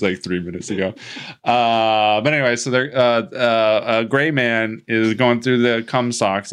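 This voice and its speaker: A man's voice: on the low side, fairly bright tone. A man casually recapping a movie plot on a podcast, rambling with restarts and laughing at his own jokes. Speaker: podcast host.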